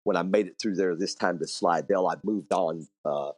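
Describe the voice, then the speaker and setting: Interviewed about long-distance motorcycle riding, a man tells stories animatedly in a casual way, often restarting and repeating words. His voice is deep, a little mellow with a breathy edge, at normal speed. The recording is dry.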